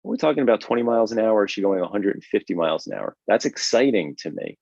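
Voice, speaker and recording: Lively male drawing teacher, low voice. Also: very fast, vocal fry, no room sound. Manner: energetic, conversational, checks in with "right?". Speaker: drawing instructor and host. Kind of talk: live online drawing lesson. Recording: dull, lo-fi, dry stream audio.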